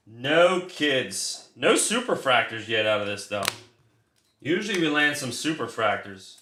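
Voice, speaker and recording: A man hosts a laid-back card break, swearing freely and running through pulls in a quick list. His voice is bright and forward. The room around him rings with a noticeable echo. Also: medium pitch, a little hiss or hum. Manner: chatty, swears freely, rattles off card lists. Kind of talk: casual livestream chat while opening cards. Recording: roomy echo.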